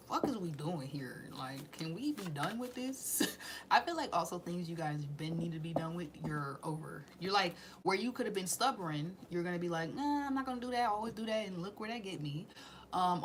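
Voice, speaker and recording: A woman's voice: lowish voice, very noisy. A woman doing a casual tarot reading in slangy, profane speech, with sudden drops into whispers. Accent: Southern US. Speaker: tarot reader.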